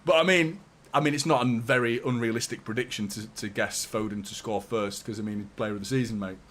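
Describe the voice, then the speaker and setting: Brisk and steady in tone, his medium-pitched voice comes across fairly bright. The young fan channel host chats casually through live match watchalong commentary, swearing a lot and reading out super chats.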